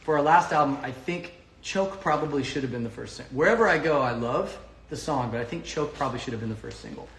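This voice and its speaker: A man's voice: on the high side, expressive, fast, fairly bright tone, a little hiss or hum. Chatty man in an echoey kitchen. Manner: loose, rambling, self-correcting. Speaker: home cooking show host and singer. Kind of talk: casual chat while cooking.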